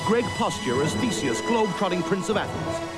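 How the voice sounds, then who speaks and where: A man's voice: sits high, animated, fairly quick. An actor playing a grandiose male announcer reading out a parody soap trailer. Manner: grandiose, sweeping. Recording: loud music behind.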